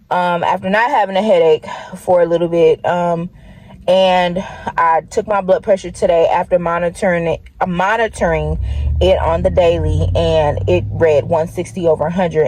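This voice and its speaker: A woman's voice: on the low side, mellow. A young woman in a casual pregnancy update vlog, chatty and loose, joking and laughing between her points. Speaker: vlogger. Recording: echoey room.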